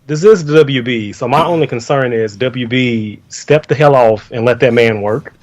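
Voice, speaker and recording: A man's voice: medium pitch, normal speed, dull audio. A man co-hosting a casual podcast, playful and inquisitive, throwing out questions and cursing now and then. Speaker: podcast co-host. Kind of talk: casual chat.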